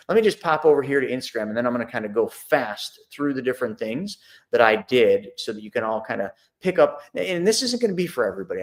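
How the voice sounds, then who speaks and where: A middle-aged man hosting a casual talk to an online audience, chatty and repetitive, acting out his own phone calls. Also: mid-range voice. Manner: conversational, repeats himself, acts out phone calls. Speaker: host of a money and investing talk.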